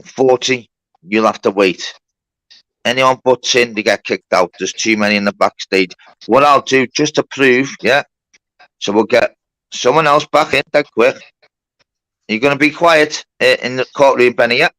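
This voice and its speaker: A man's voice: medium pitch, normal speed, a bit bright, no room sound, low-quality recording. A man hosting a mock court on a live stream, laying down rules and swearing at people who interrupt. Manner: bossy, sweary, keeps order. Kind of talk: casual live-stream moderation.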